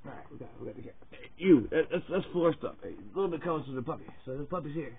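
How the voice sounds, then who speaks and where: A man's voice: fairly high pitch, animated, racing, slight background noise. A man chatting playfully with his dogs at home while filming them, teasing them and swearing freely. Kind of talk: casual talk to pets while filming. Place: inside a home. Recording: tinny, phone-like sound.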